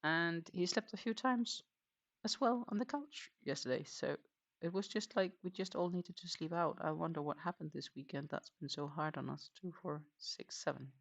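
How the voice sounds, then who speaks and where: Gravelly, rambling crochet livestream host. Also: medium pitch, normal speed, fairly bright tone. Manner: rambling and hesitant, many fillers, counts stitches under breath. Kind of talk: casual livestream chat while crocheting.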